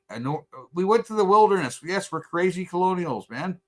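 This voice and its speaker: A man's voice: sits high, expressive, a little fast, few pauses. A middle-aged man from Canada, co-hosting a podcast in casual talk, who rants heatedly and swears constantly. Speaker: podcast co-host. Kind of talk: casual profane rant.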